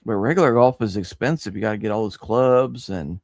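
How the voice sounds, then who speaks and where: Low-voiced man chatting, dry sound. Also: brisk, a little mellow, dry recording. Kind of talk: casual chat.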